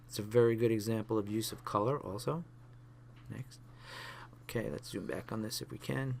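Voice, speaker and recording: A man teaching a photography class, talking through example pictures with many fillers and restarts. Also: lowish voice. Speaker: photography instructor.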